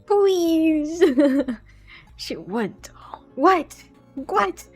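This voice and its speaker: A young woman VTuber chatting live with her viewers, excitable, swearing and laughing often, into a desk mic at home. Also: medium pitch, normal speed, faint music behind. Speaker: VTuber streamer. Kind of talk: casual live-stream chat. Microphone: desk microphone.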